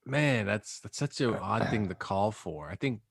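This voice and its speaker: A man's voice: lowish voice, animated, unhurried, creaky, husky, no room sound, clean studio sound. A man co-hosting a podcast, telling a story in loose, rambling casual chat. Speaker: podcast co-host.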